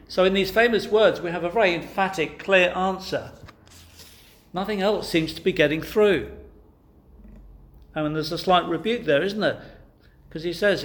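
A man preaching a sermon, asking rhetorical questions and pressing his points with emphasis. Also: high-pitched.

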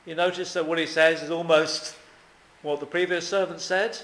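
Earnest preacher in an echoey hall. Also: male voice, a little high, little pitch movement, normal speed, fairly bright tone. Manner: earnest, questioning, emphatic. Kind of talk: sermon.

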